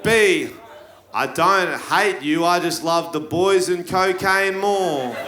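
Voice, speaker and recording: Stand-up, high unhurried voice, live in an echoey room with a loud crowd. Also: male voice, noisy background. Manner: quiz-show delivery, bursts into shouting. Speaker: stand-up comedian. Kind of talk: stand-up comedy routine. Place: live comedy venue. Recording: roomy live venue with crowd. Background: audience laughter.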